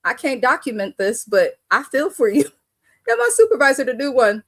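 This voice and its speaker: Blunt, animated woman live-streaming. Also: high-pitched, normal speed, dry recording. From Bay Area. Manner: animated, blunt, cursing, laughing often. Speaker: live show host. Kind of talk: casual live-stream chat.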